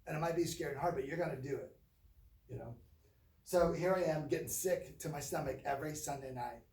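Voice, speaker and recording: A man's voice: a little high, brisk. Middle-aged male trainer, rambling storyteller, roomy echo, mic set far back. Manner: rambling, self-correcting, animated when telling stories. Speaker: training speaker. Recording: roomy distant mic, faint ambience.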